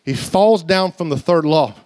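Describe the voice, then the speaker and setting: In a church, a male pastor preaches an animated, conversational sermon, blending humorous stories with sudden loud outbursts and slow, drawn-out emphasis. His voice is fairly high, with no room sound.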